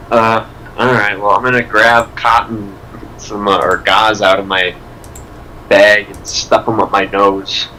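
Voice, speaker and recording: A man playing a tabletop horror game, blunt with quick asides. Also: fairly low pitch, little pitch movement, sharp tone, a little hiss or hum, low-quality recording. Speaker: player. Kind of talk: casual tabletop role-play.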